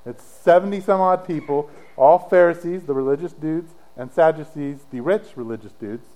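A middle-aged male pastor preaching a sermon in a casual, conversational way, telling the story with dramatic swings from emphatic to hushed. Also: a little high, normal speed, low-quality recording.

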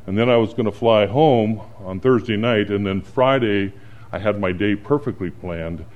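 A man's voice: lowish voice, moderate pace, dull audio. A middle-aged man, a pastor, preaching a sermon and telling stories from his week. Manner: storytelling, animated when acting out panic.

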